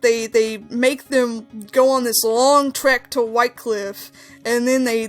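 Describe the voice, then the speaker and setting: Animated young woman telling game stories. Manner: animated storyteller, rising to high exclamations. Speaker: host. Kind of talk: casual game discussion. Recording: faint background music.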